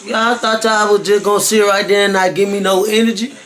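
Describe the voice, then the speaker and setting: A man hosting a casual reaction video, excitable and laughing, breaking into sudden shouted exclamations. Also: sits high, fairly quick, soft background music.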